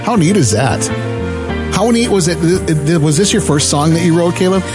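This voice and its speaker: A man's voice: a little high, lively intonation, music in the background. A man hosting a live radio interview, upbeat and firing off questions one after another. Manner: upbeat, asks questions in quick strings. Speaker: radio show host. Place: radio studio.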